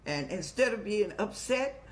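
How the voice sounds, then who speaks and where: An older woman hosting a live-streamed advice show talks at a measured pace in a mid-range voice with lively intonation. Her manner is motherly and preachy, she calls viewers "child," and she laughs while telling stories.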